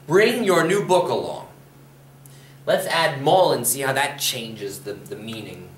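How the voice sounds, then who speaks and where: A man's voice: medium pitch, sing-song, a little slow, fairly bright tone, a little hiss or hum. A man from Pennsylvania teaching a spoken language lesson, explaining patiently and repeating example phrases. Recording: roomy echo.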